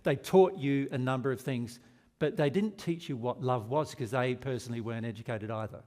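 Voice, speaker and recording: A man's voice: medium pitch, a little fast, a little mellow. A man with an Australian accent giving a spiritual seminar, earnest and asking the audience rhetorical questions. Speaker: spiritual teacher.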